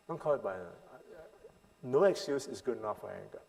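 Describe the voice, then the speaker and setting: A man teaching a parenting seminar as a sermon, emphatic, asking the crowd rhetorical questions and swinging between loud and hushed lines. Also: on the low side, animated, fast, gravelly. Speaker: pastor leading a parenting seminar. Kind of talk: sermon-style teaching to a congregation. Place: church hall. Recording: long hall reverb.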